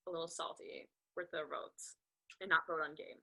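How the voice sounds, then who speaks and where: A woman's voice: low voice, moderate pace, breathy edge. A young woman guest chatting playfully on a remote call. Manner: playful, lively, laughing often. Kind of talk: casual chat.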